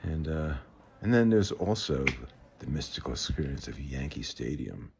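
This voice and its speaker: A man, telling stories from his life in an unhurried, conversational way with frequent hesitations and restarts. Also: very deep voice, big pitch swings, crowd noise. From the Bronx, New York. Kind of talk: reflective personal storytelling. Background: faint guitar music.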